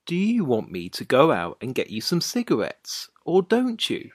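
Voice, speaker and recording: A woman's voice: low-pitched, huge pitch swings, moderate pace, slightly rough, no echo, studio quality, exaggerated voice. A woman voicing an anxious young man who pleads and grows exasperated in a dramatized story. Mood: pleading. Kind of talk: dramatized short story reading.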